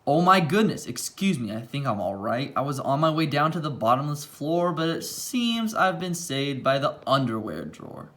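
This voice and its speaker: A man's voice: a little high, big pitch swings, normal speed, few pauses, a bit bright. A man voicing a polite old male bear in a storybook, fussy and politely flustered. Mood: relieved.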